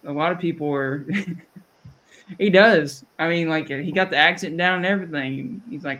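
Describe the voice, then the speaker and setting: A man's voice: fairly high pitch, moderate pace, sharp tone. A man with a Southern US accent hosting a podcast, rambling and chatty, often restarting his sentences. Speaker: podcast host. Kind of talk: casual chat.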